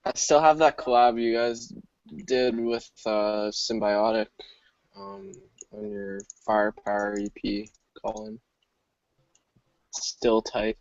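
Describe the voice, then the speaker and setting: A man's voice: on the low side, animated, slow pace, creaky, dry recording, dull audio. Laid-back teasing man, dry sound. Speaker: show guest. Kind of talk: casual chat.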